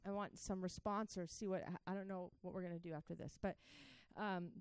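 A woman's voice: fairly low pitch, fairly even intonation, fairly quick, darkish tone, smooth. A woman preaching a sermon, telling her own testimony with fervent, direct appeals to the listeners. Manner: impassioned, talks straight to the crowd.

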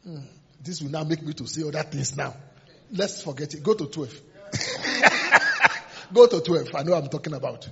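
A man's voice: a little high, huge pitch swings, moderate pace, gravelly, bright, forceful tone. A man preaching a sermon as pastor, emphatic and repetitive, sometimes laughing and acting out voices. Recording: dull lo-fi sermon recording.

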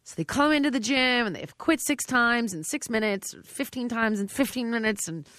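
A woman's voice: a little high, moderate pace, dry recording, studio quality. A middle-aged woman, a fitness trainer, speaking emphatically and directly in a conversational interview. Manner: emphatic and direct, with animated quoted dialogue.

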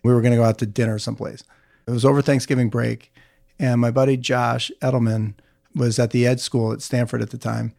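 A man's voice: mid-range voice, flat delivery, a little fast, vocal fry, a little mellow. A man who is a surgeon and a podcast guest, telling a comic personal story. He quotes people and laughs at himself. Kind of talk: casual storytelling.

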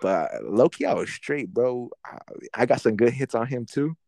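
A man's voice: medium pitch, expressive, moderate pace, creaky, a little mellow, dry recording. A young man telling a schoolyard fight story in casual, profane slang, acting out his own past lines.

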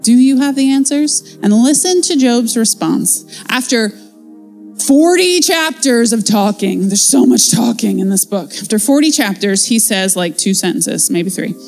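A woman's voice: mid-range voice, animated, unhurried, gravelly, faint music behind. A woman giving a casual, conversational devotional Bible teaching in a chatty, playful way.

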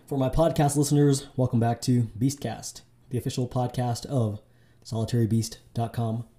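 A man's voice: medium pitch, mellow. A man hosting his own podcast, talking solo in a casual, loose way, with fillers and restarts. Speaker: podcast host.

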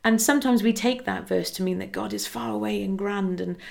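A woman's voice: mid-range voice, steady tone, brisk, creaky, hardly any pauses. A woman hosting a devotional podcast, talking in an earnest, encouraging way and acting out little conversations as she goes. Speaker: podcast host. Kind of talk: casual devotional podcast talk.

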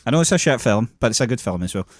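A man's voice: medium pitch, animated, very fast, crowd noise. A man co-hosting a casual podcast over drinks, teasing and swearing freely. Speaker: podcast co-host. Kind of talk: casual drunk banter.

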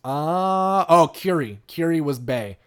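Male podcast host; casual, animated, profane, rambling delivery. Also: a little high, slow, smooth. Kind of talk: casual chat.

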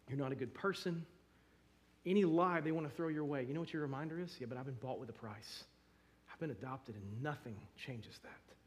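A man preaching to his church, his pitch sitting a little above the usual for a man. He tells emotional stories in an animated, lively way, full of restarts and quick bursts of feeling. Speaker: pastor. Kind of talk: sermon.

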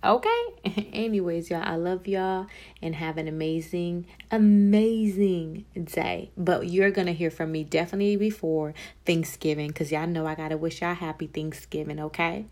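A woman with a slightly low voice hosts a faith podcast, talking straight to her listeners. She preaches in a chatty, familiar way, calling them "y'all" and "child" as she encourages them. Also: steady tone, moderate pace, a little mellow. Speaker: podcast host. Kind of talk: faith-based encouragement talk.

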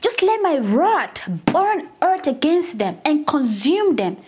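Woman playing a wrathful, fed-up God, heated and dismissive, high and lively. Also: slow, heavily acted. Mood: angry.

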